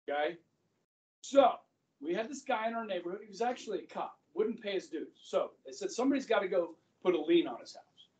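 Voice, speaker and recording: High-voiced teacher telling a story in class. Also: male voice. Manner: chatty, keeps checking in with "okay?". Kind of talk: classroom lecture with anecdotes. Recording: distant, muffled classroom recording.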